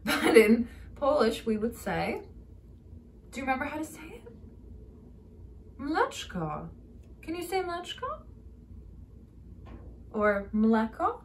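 A woman coaches her cat through a little home lesson in playful baby talk. Her voice sits a touch high and swoops up and down freely, with a faint hum of room sound behind her. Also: sing-song, slow pace, pauses often. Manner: sing-song baby talk to a pet, playful. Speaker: cat owner teaching her cat. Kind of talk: casual home vlog.

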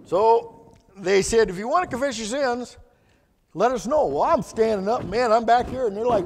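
A man's voice: very high voice, moderate pace, a little mellow. A man telling his story as a sermon testimony in a church, in a folksy, colloquial way. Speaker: guest speaker giving testimony. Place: church sanctuary. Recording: echoey church hall reverb.

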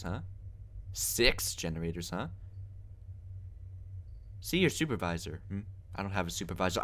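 Playing a horror game for a let's play, a man with a lowish voice jokes and mutters through his commentary. When something scares him, he breaks into panicked yelling.

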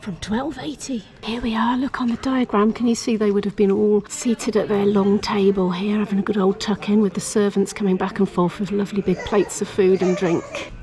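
A woman's voice: medium pitch, level tone, normal speed, hardly any pauses, mellow. A woman narrating a casual travel vlog while touring a castle, curious and lightly humorous. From Britain. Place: outdoors and inside a stone castle.

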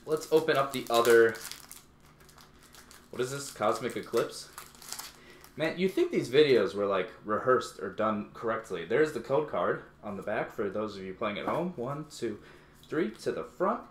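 A man giving casual, playful commentary while opening card packs, his voice jumping high when excited. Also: a little hiss or hum. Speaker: YouTube unboxing host. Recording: echoey room.

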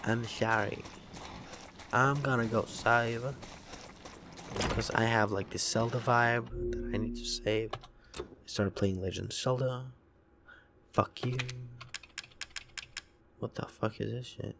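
A young man with a sick, raspy voice, cursing and reacting jumpily while playing a horror game. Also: mid-range voice, fairly even intonation, slow, long pauses, noisy background. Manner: profane, jumpy, talks to himself. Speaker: gaming let's-player.

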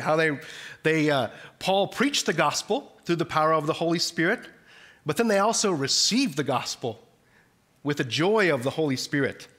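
A man's voice: high voice, a bit bright. A man, a missionary, giving an earnest chapel sermon with frequent restarts. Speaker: missionary speaker.

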